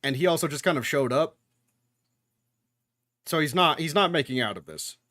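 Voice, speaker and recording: A man's voice: a little high, lively intonation, normal speed, a bit bright, no echo, clean studio sound. A young man giving casual reaction commentary while watching anime, talking back to the screen with jokes and swearing.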